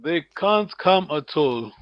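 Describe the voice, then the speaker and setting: A man teaching an online language lesson, patient and encouraging, repeating words slowly for his students. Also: fairly high pitch, expressive, no echo. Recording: dull lo-fi call audio.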